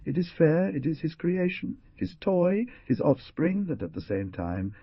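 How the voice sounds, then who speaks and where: Tortured young prisoner put on by a man, sarcastic feverish ranting, lively pitch, dull lo-fi sound. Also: a little slow, breathy edge, dry recording, exaggerated voice. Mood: bitter ranting. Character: tortured young male prisoner, bitter and raving. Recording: dull lo-fi dry recording.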